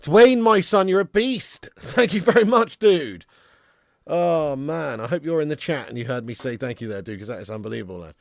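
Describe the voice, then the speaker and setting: A young man hosting a live football stream, bursting into loud hype and then falling to low mutters. His voice sits fairly high with a gravelly, fry-laden edge. The sound is close and dry, with no room around it. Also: normal speed, no echo. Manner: excitable, banter-heavy, swings from loud hype to low mutters. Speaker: football watch-along streamer.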